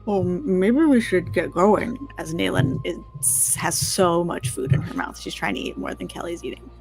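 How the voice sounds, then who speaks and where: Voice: mid-range voice, lively intonation, normal speed, gravelly, faint music behind, rough recording. A hesitant player in a tabletop role-play game, describing a character's actions.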